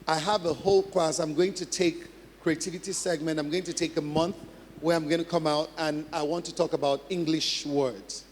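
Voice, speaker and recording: A man's voice: a little high, fairly even intonation, moderate pace, slight background noise. A man preaching a sermon as pastor, emphatic, repeating key phrases and acting out practice drills. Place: large church hall. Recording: long hall reverb.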